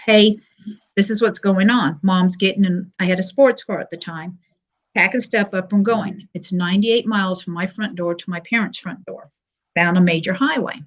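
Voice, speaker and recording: Older woman, halting personal testimony with fillers; muffled lo-fi stream sound. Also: mid-range voice. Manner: halting, frequent pauses and fillers, retelling with quoted dialogue. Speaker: panel guest sharing her story.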